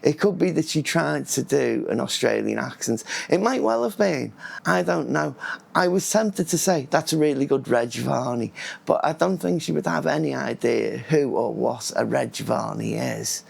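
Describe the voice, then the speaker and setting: A man's voice: a little high, expressive, normal speed, a little mellow. A man vlogging in a casual, rambling monologue, often losing his thread and restarting words. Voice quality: gravelly and husky.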